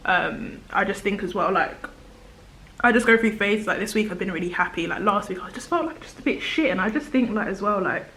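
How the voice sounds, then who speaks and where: A woman's voice: medium pitch, expressive, fairly quick, poor audio. Chatty woman doing her makeup. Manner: rambling, fillers of "like", drops into soft whispers. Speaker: beauty vlogger. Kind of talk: chatty get-ready-with-me monologue. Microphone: camera on a tripod.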